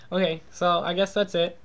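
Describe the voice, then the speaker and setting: A woman's voice: fairly low pitch, lo-fi sound. A young woman co-hosting a casual vlog, teasing her friend with giggly banter. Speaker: vlog co-host. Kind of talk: casual chat.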